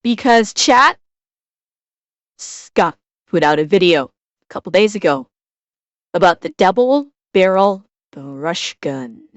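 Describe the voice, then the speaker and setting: A woman's voice: on the low side, expressive, slow, long pauses, dry recording. A woman from Chicago with a Midwestern American accent, casually chatting with her chat while reacting to a video as a streamer. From Chicago, USA.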